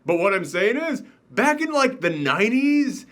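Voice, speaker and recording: A man with a high, bright voice runs a casual movie review chat. His pitch swings wildly as he jokes and rants with emphasis. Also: normal speed. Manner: animated, joking, emphatic rants. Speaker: show host.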